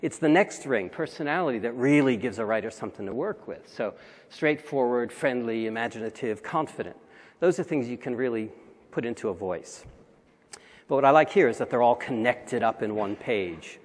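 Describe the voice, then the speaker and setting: A man's voice: mid-range voice, animated, moderate pace. A man giving a conversational conference talk with wry asides, recorded in a large hall. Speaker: conference speaker.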